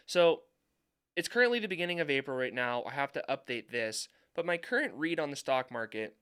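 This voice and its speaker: A man's voice: medium pitch, a bit bright, smooth. A young adult man giving market commentary over charts, emphatic and repeating points for stress. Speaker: finance YouTuber.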